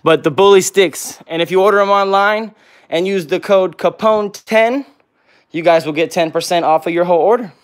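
Guy on a pet livestream, kinda high voice, chatty, keeps cooing at his pets between comments. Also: moderate pace. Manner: coos and baby-talks to his pets; chatty, answers viewer comments one by one. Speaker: pet vlog host. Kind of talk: casual livestream chat with viewers.

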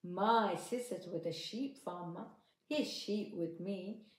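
A woman voicing a small, pushy, wandering male mouse in a storybook with bright, pleading sing-song lines. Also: mid-range voice, slow, natural voice. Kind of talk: storybook narration. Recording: echoey room.

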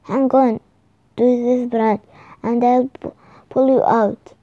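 A kind, calm unicorn from a children's storybook, as a woman reader puts it on. The voice is warm and mellow and slightly high, and it speaks slowly, stumbling now and then. The recording is dry and a little dull. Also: no echo. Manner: slow, halting read with restarts.

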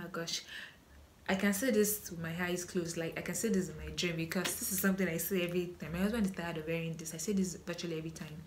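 A woman's voice: lowish voice, a bit bright, a little hiss or hum. A young Nigerian woman with a Nigerian accent, chatting casually through a Q&A vlog with many ums and restarts. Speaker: vlogger.

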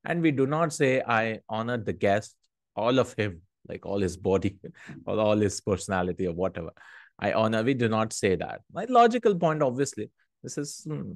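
A man's voice: mid-range voice, dry recording. Man teaching grammar in a dry room. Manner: reads Arabic quickly, checks in with "hmm?". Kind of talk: explaining a grammar text.

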